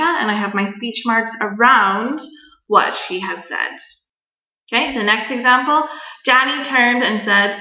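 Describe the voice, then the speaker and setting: A young woman teacher giving a recorded grammar lesson, explaining clearly and patiently to children. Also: a little high, unhurried, bright, forceful tone. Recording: dull echoey room recording.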